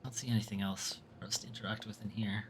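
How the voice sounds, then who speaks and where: A man's voice: lowish voice, fairly even intonation, fast, noisy background. A man streaming a game, chatting casually and muttering, often trailing off mid-thought. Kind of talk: casual gameplay commentary.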